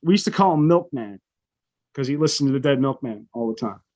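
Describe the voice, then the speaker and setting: A man's voice: mid-range voice, lively intonation, fairly quick, a little mellow. A middle-aged man, a podcast co-host, telling a profane story in casual chat and acting out the people in it.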